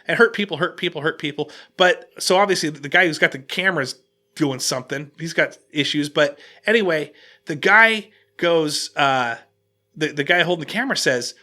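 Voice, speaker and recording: A man hosting a casual podcast, telling an animated story and restarting his sentences often. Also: on the high side, normal speed. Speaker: podcast host.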